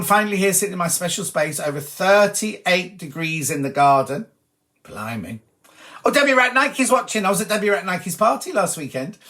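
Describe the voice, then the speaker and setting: A man's voice: fairly high pitch, fairly bright tone. Chatty British man reading comments. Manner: cheeky, chatty, reading comments aloud with quick asides. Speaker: host of a sewing show.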